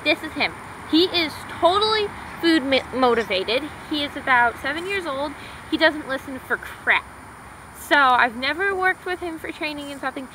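A woman's voice: high-pitched, lively intonation, moderate pace, bright, forceful tone, slight background noise, rough recording. A young woman in a casual home vlog, chatting to the camera while she trains her dog, with short firm commands and sing-song praise.

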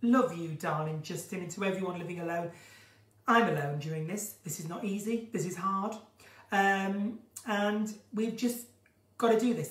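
A woman with a croaky voice hosts an unscripted live stream from her countryside home. She is chatty and gushing as she reads out viewers' comments. The phone sits a little way from her, so her voice comes through roomy and distant. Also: mid-range voice. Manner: chatty, gushing, flamboyant, breaks into song.

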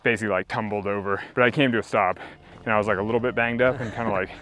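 A man's voice: on the low side, steady tone, very fast. A man leading a mountain hike, chatting casually and joking dryly, recorded outdoors. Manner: dry joking, easygoing. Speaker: guest climber leading the hike.

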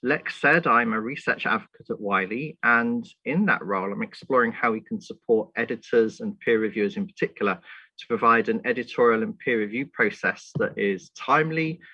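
A man's voice: fairly low pitch, a little fast, pushed and bright, husky, dry recording. A man from the UK giving a polite, formal conference talk over a remote link. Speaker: guest speaker. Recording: dry lo-fi call audio.

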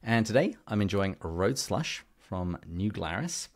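A man's voice: on the low side, big pitch swings, unhurried. A man from Wisconsin hosting a casual podcast interview in an easygoing, chuckling manner. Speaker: podcast host.

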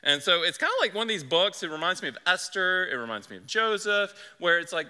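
A man's voice: high voice, expressive, quick pace, sharp tone, smooth, in a large hall. A male pastor preaching a sermon in an earnest, conversational way. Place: church sanctuary.

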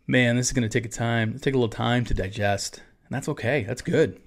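A man's voice: medium pitch, a little fast. A man, a pastor, teaching about a church confession of faith in a casual, conversational way with asides.

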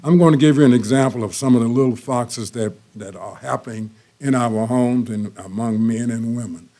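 A man's voice: medium pitch, normal speed, mellow. Older male preacher telling folksy stories. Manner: storytelling, folksy, repeats key phrases. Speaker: pastor. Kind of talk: sermon.

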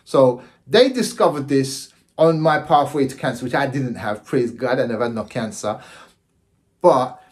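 A man in his forties casually telling his own story to camera, repeating himself and often checking in with the listener. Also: normal speed. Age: 40s. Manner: animated, jumps into high exclaiming voices. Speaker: vlogger.

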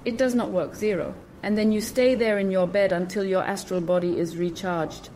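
A woman's voice: medium pitch, moderate pace, mellow, slight background noise. A woman hosting a spiritual channel, explaining things in a casual monologue with emphatic repetition and awkward phrasing.

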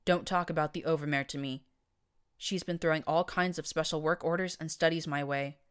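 A woman's voice: deep voice, fairly even intonation, a little fast, smooth, natural voice. A woman voicing an older gray mare who runs maintenance, dry and blunt in speech. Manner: dry, blunt, matter-of-fact.

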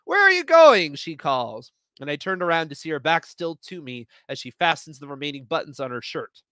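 A man reads short stories aloud in an expressive first-person voice. His tone is bright and slightly high, and the sound is close and dry. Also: a little fast, no echo. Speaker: reader. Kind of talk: live story reading.

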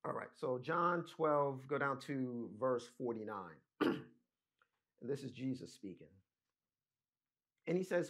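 A man's voice: medium pitch, expressive, slow, long pauses, fairly bright tone. A man preaching a teaching sermon, explaining scripture step by step and often checking in with "right?" and "amen?". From United States. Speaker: pastor.

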